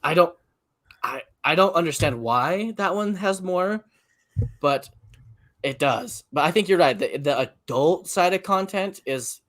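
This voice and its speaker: A man guesting on a casual online chat, joking around and laughing easily. His voice sits slightly high. He tells his stories with animated bursts of energy. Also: unhurried. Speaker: guest content creator.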